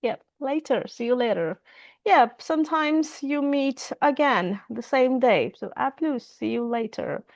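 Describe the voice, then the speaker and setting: A woman's voice: high-pitched, expressive, unhurried, dry recording. A woman teaching French in an online class over a video call, repeating phrases and switching between French and English.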